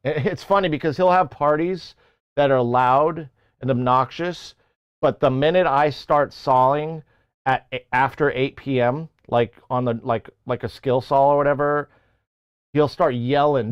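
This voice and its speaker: A man's voice: medium pitch, moderate pace, clean tone, no room sound, highs cut off. A man hosting a livestream, rambling through a casual story with plenty of swearing. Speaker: livestream host. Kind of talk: casual chat.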